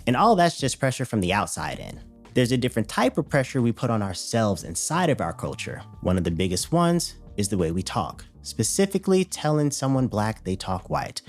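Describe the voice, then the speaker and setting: A man hosting his channel, giving scripted commentary in a wry, blunt way. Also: fairly low pitch. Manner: wry, blunt, expressive delivery. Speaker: host. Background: faint music.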